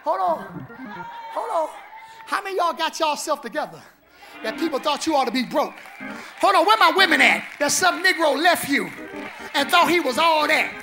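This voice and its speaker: Man, pastor, very high voice, bright tone, shouting, laughing, call-and-response, live church sermon. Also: lively intonation, normal speed, pauses often, soft background music, a faint crowd. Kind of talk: Easter sermon preached live. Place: church sanctuary. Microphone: handheld microphone.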